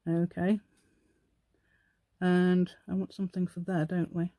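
A woman's voice: fairly low pitch, flat delivery, measured pace, warm tone, no echo. A woman hosting a casual crafting tutorial at her craft table at home, thinking aloud and asking the viewer questions as she works. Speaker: craft channel host.

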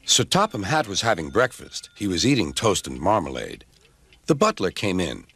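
A young man narrating a children's train story with a lively, expressive reading. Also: low voice, moderate pace, husky. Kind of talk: storybook narration, fan remake.

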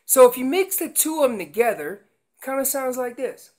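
A woman teaching elk calling in a seminar with slides. She explains with everyday comparisons and breaks into loud acted voices of calves and parents. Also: sits high, sing-song, a little fast.

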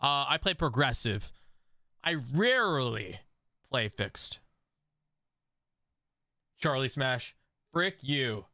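A young man streaming an online strategy game, reacting excitedly to chat and laughing at other players. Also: mid-range voice, takes it slowly, pauses often, no room sound, studio quality. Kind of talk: live game stream commentary.

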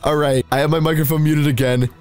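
A man hosting a Minecraft video, excitedly narrating to viewers with big jumps in his voice. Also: quick pace. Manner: excitable, jumpy pitch, talks to the audience. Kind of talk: excited gaming commentary to viewers.

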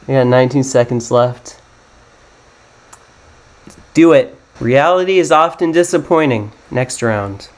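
A man's voice: mid-range voice, measured pace, pauses often. Rambling American man thinking aloud. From United States. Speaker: gaming YouTuber. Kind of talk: casual gameplay commentary.

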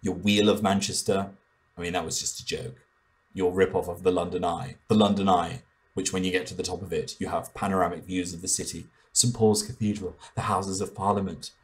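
Playful young guy doing stand-up, low voice, bursts out loud. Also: flat delivery, brisk. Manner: playful, mock-indignant, sudden loud outbursts. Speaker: comedian. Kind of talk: animated stand-up monologue.

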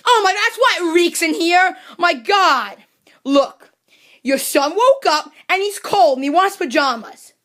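A woman's voice: very high voice, expressive, measured pace, a bit bright, heavily acted. A woman doing a ranting cranky mushroom servant. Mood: exasperated. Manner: exasperated ranting, sarcastic.

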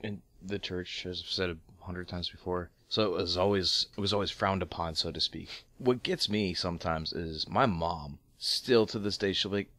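A man's voice: low voice, normal speed, hardly any pauses, fairly bright tone, no echo. A man co-hosting a podcast in laid-back casual chat, drawling loosely and trailing off mid-thought. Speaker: podcast co-host.

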